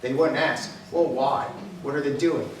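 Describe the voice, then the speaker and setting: A man speaks from a distance in a very echoey meeting hall, his voice pitched in the middle range. His manner is earnest and reassuring, and he restarts and repeats words as he answers residents' questions. Faint room noise sits behind him. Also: fairly even intonation, normal speed. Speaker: police official answering residents. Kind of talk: public meeting response.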